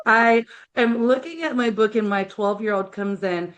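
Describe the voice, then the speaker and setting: A woman's voice: fairly high pitch, moderate pace. Heartfelt, emphatic woman guest. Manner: heartfelt, emphatic and emotional storytelling. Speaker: guest, accountant and author. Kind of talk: casual interview chat.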